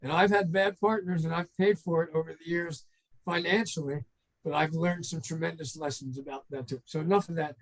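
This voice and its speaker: An older man with a notably high-pitched voice, telling stories as an interview guest. He rambles from one anecdote to the next and acts out old phone calls as a trainer and consultant would. His talk is loose and conversational. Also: fairly even intonation, a little fast, rough recording. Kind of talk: casual storytelling in an interview.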